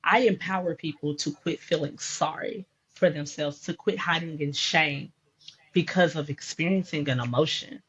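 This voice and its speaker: A woman's voice: deep voice, normal speed, a bit bright, husky. A woman life coach talking about faith and grief in an emphatic, preacherly storytelling way. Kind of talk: faith-based conversation. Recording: dull lo-fi sound.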